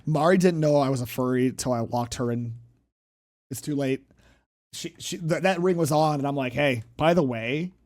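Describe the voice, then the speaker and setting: A man's voice: medium pitch, moderate pace, a little mellow. A man hosting a reaction stream in a casual, emphatic, rambling and jokey way. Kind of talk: casual live-stream commentary.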